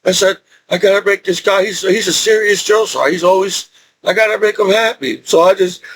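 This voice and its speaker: A man's voice: high voice, fairly even intonation, brisk, fairly bright tone, slight background noise. A middle-aged man telling a rambling story about his own past, with many restarts and laughs. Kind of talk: casual storytelling.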